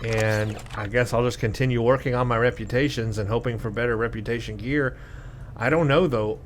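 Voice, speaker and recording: A man's voice: medium pitch, fairly even intonation, brisk, slight background noise. A man hosting a let's play, giving gameplay commentary in a self-deprecating, exasperated way.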